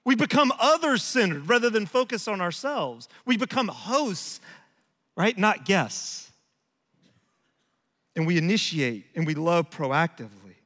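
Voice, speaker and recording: A man in his forties preaches with a high, bright, forceful voice. He talks in a relaxed, conversational way and makes fun of his own failings. A long reverb from the church hall hangs on every phrase. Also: unhurried. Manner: conversational, self-deprecating storytelling. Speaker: pastor. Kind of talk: sermon.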